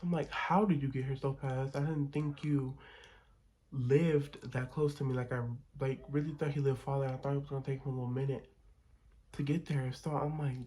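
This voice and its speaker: A young male vlogger does his makeup while telling a storytime, chatting casually and expressively and dishing frank gossip full of profanity. His voice is medium-pitched and darkish, his tone steady and his pace moderate, though the audio is poor.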